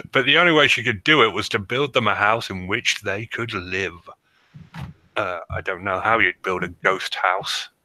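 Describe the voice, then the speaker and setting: A man's voice: fairly low pitch, unhurried, long pauses, pushed and bright, dry recording, low-quality recording. A man co-hosting a podcast, reading out a history from notes and breaking off into jokey asides. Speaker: podcast co-host reading research. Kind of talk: casual podcast chat.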